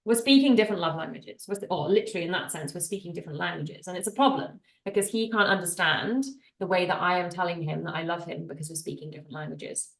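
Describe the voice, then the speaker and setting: Casting note: chatty, teasing woman co-host, late twenties, slightly low voice, echoey room. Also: fast, gravelly, few pauses. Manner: chatty, teasing, self-deprecating. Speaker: podcast co-host. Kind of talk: casual chat. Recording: roomy echo.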